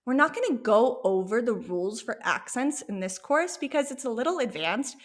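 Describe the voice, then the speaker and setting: A Spanish teacher with an animated, somewhat high voice leads an online language lesson at normal speed. She's encouraging and repeats words for learners to echo back.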